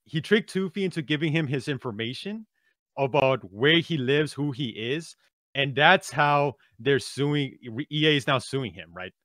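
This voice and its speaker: A man co-hosting a podcast, telling a story in an animated way and often checking in with "right?". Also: medium pitch, unhurried, dry recording, studio quality. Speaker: podcast co-host. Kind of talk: casual podcast discussion.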